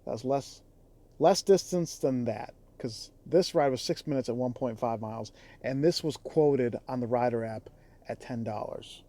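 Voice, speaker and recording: A man's voice: mid-range voice, moderate pace, warm tone. A man who drives for a rideshare app, talking in a casual vlog with a heated, exasperated, profane delivery. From Chicago area.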